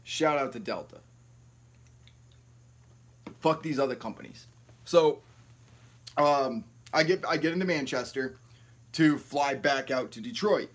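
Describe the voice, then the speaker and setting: A young man vlogging from home and telling swear-filled stories straight to the camera. He rambles and rants in a casual voice of ordinary pitch, picked up by the camera's own mic. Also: unhurried, long pauses. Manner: profane, rambling, ranting. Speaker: YouTube vlogger. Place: at home, no ring light set up. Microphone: built-in camera mic, no external mic.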